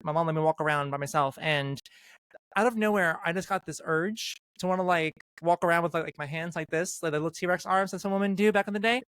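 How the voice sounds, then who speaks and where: A woman's voice: on the low side, fast, a bit bright, smooth, dry recording. A trans woman co-hosting a podcast, chatting casually, swearing often and restarting her sentences a lot. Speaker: podcast co-host. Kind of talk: casual chat.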